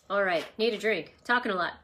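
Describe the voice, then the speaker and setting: A woman's voice: medium pitch, heavy background noise. A woman hosting an emotional wellness talk at home, teaching in a rambling, reflective, conversational way with personal stories. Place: at home with her dog nearby.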